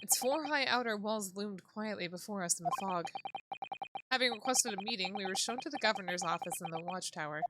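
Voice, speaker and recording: A woman's voice: mid-range voice, brisk. A woman streaming a game, chatting casually, swearing and reading the game text aloud. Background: background music.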